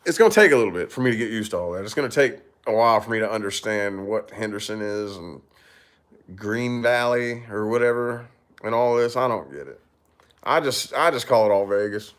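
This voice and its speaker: A man from Kentucky, a YouTuber, chatting casually with viewers in a rambling way, swearing and laughing often. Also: medium pitch. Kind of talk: casual livestream chat.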